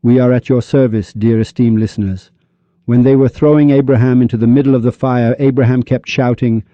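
Male podcast host, preachy rhetorical monologue, dry muffled mic, mid-pitched voice. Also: fairly even intonation, brisk, no echo. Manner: preachy, rhetorical, mock-shouting quoted crowds.

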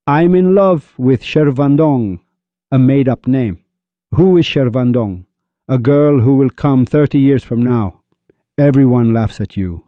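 A man giving a spiritual lecture on love, animated and full of rhetorical questions, acting out the voices of the people he quotes. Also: medium pitch, measured pace, no room sound. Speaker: Sufi speaker. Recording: dull lo-fi recording.

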